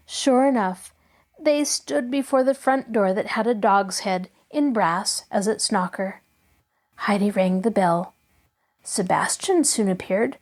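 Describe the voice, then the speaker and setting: A woman host reading a classic children's novel aloud in an expressive storytelling voice. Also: medium pitch.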